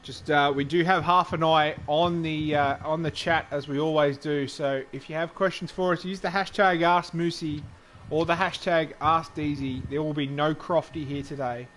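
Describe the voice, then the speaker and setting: A man's voice: a little high, steady tone, moderate pace, a bit bright, slight background noise. Easygoing male race co-commentator. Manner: laid-back, teasing banter. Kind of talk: casual live race commentary.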